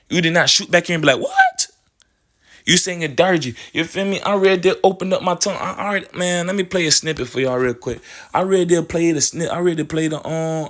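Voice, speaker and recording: A man delivering a rambling spiritual monologue, playing with words, restarting phrases and checking in with "you feel me". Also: on the high side. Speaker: spiritual speaker.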